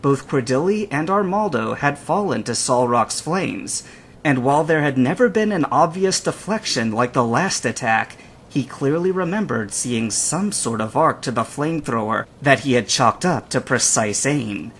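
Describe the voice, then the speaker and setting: A man's voice: medium pitch, moderate pace, a little hiss or hum. A man narrating a fanfiction audiobook, reading expressively and voicing every character. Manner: expressive storytelling, acts all characters. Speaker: audiobook reader. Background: anime soundtrack music.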